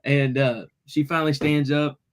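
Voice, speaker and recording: A man's voice: on the high side, steady tone, moderate pace, clean tone. A man, casually telling a story on a podcast and acting out what people said. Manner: laid-back storyteller, acts out quotes. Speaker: podcast co-host.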